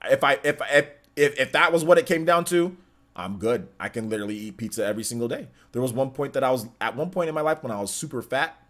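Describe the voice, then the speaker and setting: A man's voice: medium pitch, expressive, fast talker, a bit bright. A young man from California hosting a live stream, reading viewer comments aloud and chatting loosely with lots of fillers. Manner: rambling, filler-heavy, reads chat aloud. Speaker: streamer host.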